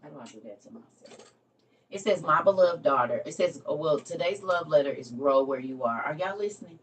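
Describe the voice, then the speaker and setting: A woman's voice: deep voice, expressive, fairly quick. Blunt chatty woman on a livestream. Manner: blunt, chatty, reads a devotional aloud. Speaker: livestream host. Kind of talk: casual chat with viewers. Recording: distant mic with faint background noise.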